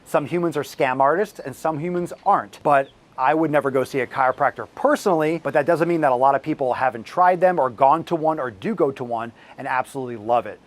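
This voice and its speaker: A man hosting a fitness channel and answering viewer questions, blunt and profane and ranting at times, his voice slightly hoarse as he loses it. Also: mid-range voice, quick pace, hardly any pauses.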